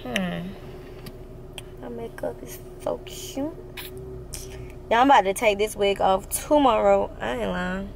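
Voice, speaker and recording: Sleepy woman vlogging in her car at night, slow drawl, lots of slang, noisy background. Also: medium pitch, gravelly. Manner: casual, slangy and chatty, drawling tired speech. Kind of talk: casual vlog chat.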